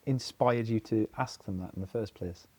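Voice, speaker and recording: Male podcast host, lower voice, encouraging, dry close sound. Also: normal speed, a little mellow, no echo. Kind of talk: casual podcast interview.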